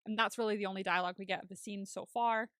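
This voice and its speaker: A woman's voice: medium pitch, fairly even intonation, very fast, fairly bright tone, dry recording. Chatty woman podcast host, dry sound. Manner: chatty, laughs often, casual swearing. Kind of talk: casual TV recap chat.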